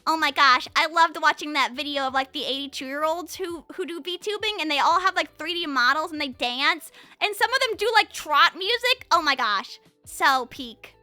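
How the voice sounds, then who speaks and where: Very high bubbly fast-talking woman. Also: lively intonation, sharp tone, no echo, faint music behind. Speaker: streamer. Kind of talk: casual chat with live chat.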